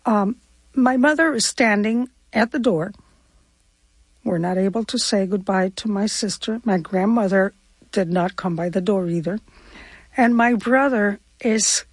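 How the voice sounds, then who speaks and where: An older Cuban woman, a guest in a storytelling interview, recalls her past in a heartfelt, vivid and reflective way. Her voice is medium-pitched, captured on a dry recording.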